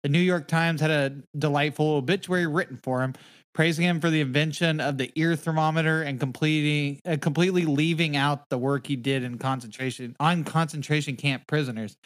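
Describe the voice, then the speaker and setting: Podcast host, male, profane storyteller, a little high-pitched. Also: steady tone, a little fast. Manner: profane, rambling, laughs often. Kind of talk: casual podcast chat.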